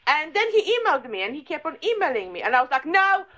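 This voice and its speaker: A woman's voice: sits high, very animated, rapid-fire, fairly bright tone, highs cut off. A middle-aged woman, a podcast guest, chatting casually and telling stories with lots of laughter. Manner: chatty, giggly storyteller. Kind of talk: casual chat.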